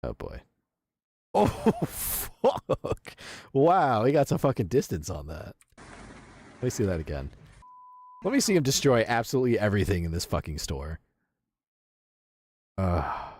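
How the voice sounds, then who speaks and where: A man's voice: on the low side, huge pitch swings, measured pace, long pauses, a little mellow, husky, no echo. A man streaming live, reacting to videos with profane, incredulous commentary.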